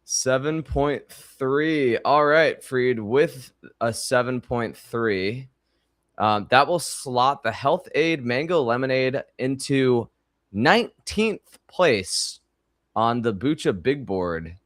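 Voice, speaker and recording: A man co-hosting a podcast in casual chat, talking in a halting way with frequent restarts. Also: mid-range voice, lively intonation, a bit bright, no room sound, clean studio sound. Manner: halting, many fillers and restarts. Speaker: podcast co-host.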